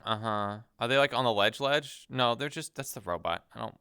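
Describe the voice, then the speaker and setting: A roleplayer running a shop, chatting casually, swearing often and groaning about a headache. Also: female voice, a bass voice, normal speed, a bit bright, smooth, no room sound, clean studio sound. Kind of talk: casual in-character chat mixed with complaints about the game.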